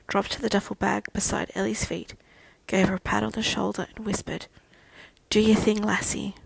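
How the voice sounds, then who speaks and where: A woman narrating a fan fiction audiobook in a steady storytelling manner. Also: medium pitch, vocal fry, a little hiss or hum, rough recording.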